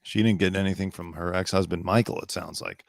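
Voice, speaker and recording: A man's voice: low voice, steady tone, brisk, creaky, dry recording, studio quality. A man hosting his own show, talking casually and sarcastically, rambling and swearing freely. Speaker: show host. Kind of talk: casual solo commentary.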